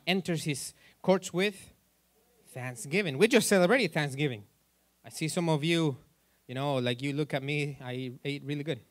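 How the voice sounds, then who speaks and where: Joking, slightly high-voiced male pastor. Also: fairly bright tone, no echo. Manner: conversational, joking with the congregation; asks the congregation questions. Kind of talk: sermon. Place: church.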